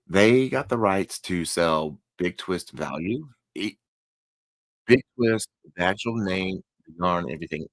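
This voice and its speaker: Gravelly low-voiced man chatting casually. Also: a bit bright, no room sound, poor audio. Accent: Texan. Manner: rambling, self-correcting, chatty. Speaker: crochet channel host. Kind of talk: casual chat to viewers.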